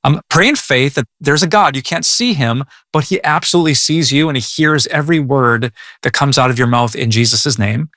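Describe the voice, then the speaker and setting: A man's voice: mid-range voice, a little fast, few pauses, sharp tone, dry recording, clean studio sound. A male pastor giving a conversational sermon in an earnest way, often repeating words as he goes.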